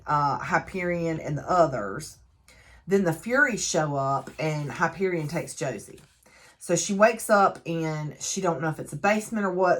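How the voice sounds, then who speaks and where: A chatty woman gives a casual book recap with a lower-pitched voice. She talks in a lively, animated way, with plenty of fillers and frequent laughs. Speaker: book reviewer.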